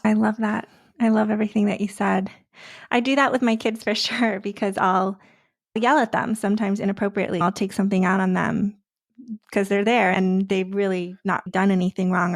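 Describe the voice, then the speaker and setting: A middle-aged woman hosts the show in a candid, conversational manner. Her mid-pitched voice has a gravelly fry to it. She is recorded close on a dry mic. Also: no echo. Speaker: podcast host. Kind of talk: interview conversation.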